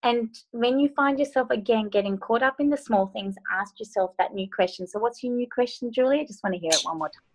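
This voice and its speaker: A woman's voice: fairly high pitch, brisk, few pauses, poor audio. A woman life coach leading a group video call from her phone, giving upbeat, playful instructions.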